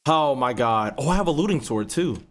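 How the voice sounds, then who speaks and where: A young man, casually telling a profane, animated story while playing a game. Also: brisk, slight background noise. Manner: profane, animated storytelling, rising pitch when retelling outrage. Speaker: gaming YouTuber. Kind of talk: casual storytelling over gameplay.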